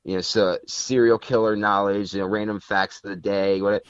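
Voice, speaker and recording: A man's voice: lowish voice, little pitch movement, moderate pace, smooth, dry recording. A man from Connecticut chatting as a podcast guest, rambling with many fillers and restarts. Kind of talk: casual interview chat. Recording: dull lo-fi sound.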